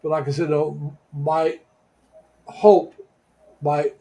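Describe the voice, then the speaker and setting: Middle-aged American man, slightly higher voice, hosts a casual live chat and rambles through fillers. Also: level tone, dark tone, slight background noise, low-quality recording. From United States. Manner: rambling, halting with many fillers. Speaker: livestream host.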